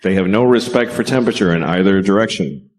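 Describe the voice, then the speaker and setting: Deadpan, profane male stand-up comic. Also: sits low, fast talker. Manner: deadpan, profane, acts out bits. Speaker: stand-up comedian. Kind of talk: stand-up comedy set. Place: stage before a live audience.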